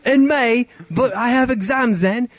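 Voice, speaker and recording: A man voicing a giggly teenage girl in a squeaky falsetto. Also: unhurried, no echo. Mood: chirpy.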